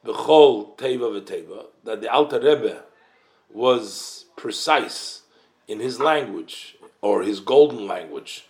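A man teaching a text study class, reading Hebrew phrases and explaining them in English. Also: medium pitch. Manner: unhurried, careful explaining. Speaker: Torah teacher.

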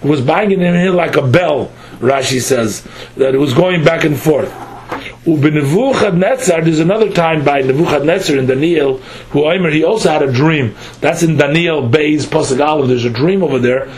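A man's voice: on the high side, darkish tone, slight background noise, poor audio. A man teaching a text study class. He reads phrases aloud with a pronunciation, translates them line by line, and often halts and restarts. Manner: halting, with frequent restarts.

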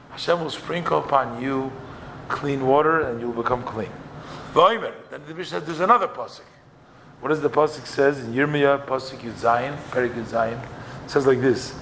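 A man's voice: mid-range voice, moderate pace, a bit bright, slight background noise. A man teaching a Torah class, explaining texts step by step, quoting each line and then translating it.

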